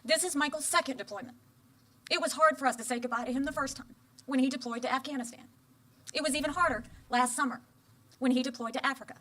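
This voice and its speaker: A woman's voice: high-pitched, a bit bright. Woman giving an earnest campaign speech. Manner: earnest, measured oratory. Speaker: politician.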